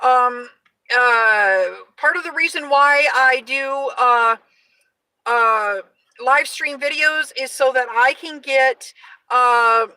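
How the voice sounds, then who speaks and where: A woman in her forties hosting a casual live stream, loud and energetic, chatting with many fillers and restarts. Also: high-pitched, takes it slowly, no room sound, far from the mic, rough recording. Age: 40s.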